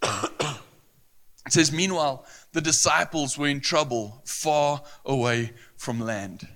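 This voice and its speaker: A man's voice: fairly high pitch, bright, forceful tone. A man preaching a sermon, earnest and emphatic, often repeating phrases for weight. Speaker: pastor.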